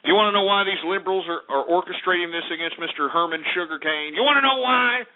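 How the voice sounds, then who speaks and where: A man's voice: high voice, quick pace. A man hosting a talk radio show, ranting combatively and repeatedly asking "all right?". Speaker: radio host. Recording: tinny phone-like audio.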